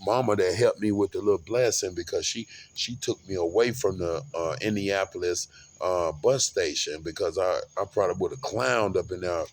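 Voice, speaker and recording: A man's voice: sits low, moderate pace. A man rambling through a profane, casual monologue about a trip, with frequent restarts.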